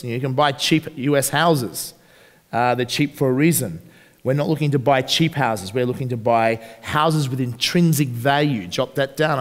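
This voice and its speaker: An Australian man giving a live seminar, energetic and asking the audience questions. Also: medium pitch, big-room sound. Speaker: seminar presenter. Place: large hall at a live seminar.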